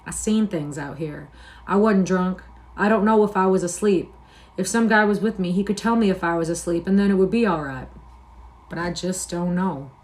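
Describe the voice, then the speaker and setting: A woman reading aloud voices an older male stable hand, lonely and scornful, who speaks with a slow, musing, persuasive drawl and a brooding mood. Her voice is lowish and close to how she normally talks.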